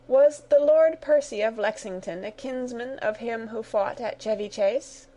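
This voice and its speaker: A woman's voice: fairly high pitch, measured pace, mellow, voice pushed up, close to an everyday voice. A woman voicing a playful, good-humoured teenage girl in a read-aloud story. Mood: teasing. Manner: playful, teasing.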